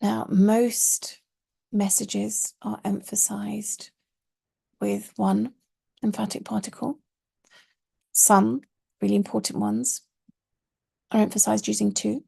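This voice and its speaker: A woman teaching a Quranic Arabic course speaks in a mellow, low-toned voice with a heavy gravelly fry. Her delivery is husky and breathy, and she explains each point patiently, leaning on the words she wants to stress. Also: little pitch movement, takes it slowly, pauses often. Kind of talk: online course lesson.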